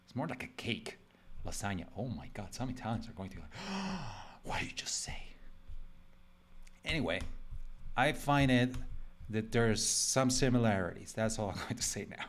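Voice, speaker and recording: A man's voice: fairly low pitch, fairly quick, slight background noise. A man from Mexico chatting casually and jokingly while he draws on a live stream, rambling with lots of "like". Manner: rambling and joking, heavy use of "like". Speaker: illustrator streaming a live drawing session.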